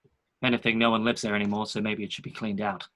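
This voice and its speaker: A man's voice: lowish voice, level tone, fast, a bit bright. A man playing his character in a tabletop game, speaking in a formal, courtly, theatrical way. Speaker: player. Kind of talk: in-character tabletop role-play.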